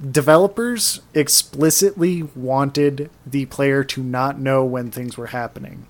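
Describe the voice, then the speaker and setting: A man's voice: mid-range voice, a little slow. A man co-hosting a casual podcast, explaining things and cracking wry jokes. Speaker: podcast co-host. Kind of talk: casual chat.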